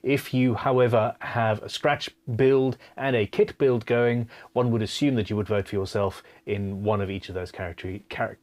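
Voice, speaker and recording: A man's voice: fairly low pitch, fairly even intonation, moderate pace, few pauses, a little mellow. A man hosting a casual live stream Q&A from his home studio. He reads viewer comments aloud in a chatty, self-deprecating way. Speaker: live stream host and guitar builder.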